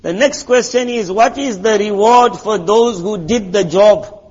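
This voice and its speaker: A man with a high, husky voice preaches a sermon, talking to his listeners in a chatty, storytelling way. He keeps asking rhetorical questions. The recording sounds muffled and lo-fi. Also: measured pace, darkish tone, long reverb tail. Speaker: Islamic preacher.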